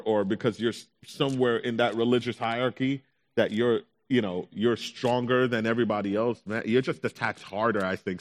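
A young adult pastor shares his own story as a sermon testimony, delivering it animatedly and acting out his anxious thoughts in quotes. His voice is medium in pitch.

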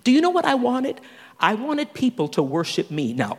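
A middle-aged woman giving a sermon testimony in a church, animated, humorous and self-deprecating. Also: fairly high pitch, a little fast, breathy edge, in a large hall. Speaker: church speaker.

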